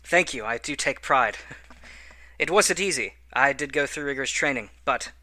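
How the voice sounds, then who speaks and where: Bright, formal man playing a genteel bard. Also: mid-range voice, animated, normal speed, no room sound. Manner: formal, polite, slightly grandiose. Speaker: player.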